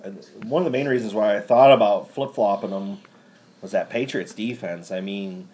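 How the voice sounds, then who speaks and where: A man's voice: on the low side, moderate pace, dark tone. A man co-hosting a sports podcast, chatting casually in a laid-back way. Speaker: podcast co-host.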